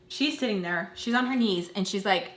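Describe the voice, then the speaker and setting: A young adult woman vlogger telling a dramatic story in an animated, slangy way. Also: medium pitch, normal speed, roomy sound, slight background noise. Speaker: beauty vlogger. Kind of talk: storytime vlog.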